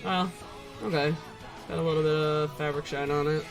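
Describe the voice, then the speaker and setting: A man streaming while painting miniatures, chatting casually in a rambling, relaxed way with many hesitations. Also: fairly high pitch, normal speed, music in the background.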